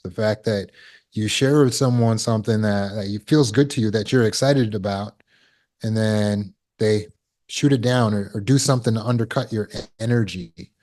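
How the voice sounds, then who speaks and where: Teaching a healing course online, this man has a voice on the low side with a slight mellowness. He asks rhetorical questions and repeats words while working through his thoughts.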